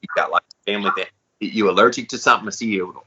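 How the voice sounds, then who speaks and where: A man co-hosting a podcast, talking in a relaxed, candid, slangy way in casual chat. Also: lowish voice, fast talker, slightly rough, highs cut off. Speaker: podcast co-host.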